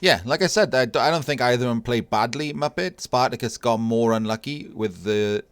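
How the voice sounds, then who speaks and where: A man casually commentating a video game tournament match, analysing plays in a relaxed, thinking-aloud way. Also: medium pitch, fairly quick, clear, resonant tone, no room sound. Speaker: tournament caster.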